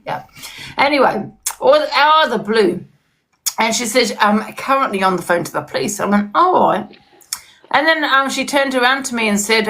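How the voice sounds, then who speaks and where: A woman with a somewhat high, gravelly, slightly bright voice appears as an interview guest on a live stream. Her casual chat is heated and emphatic, and she often repeats herself.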